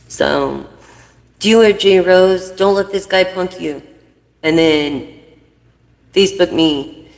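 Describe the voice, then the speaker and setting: An intuitive tarot reader gives her viewers a casual reading full of blunt, profane, wandering advice. Her voice is low and gravelly, and the rough recording sounds like a big room.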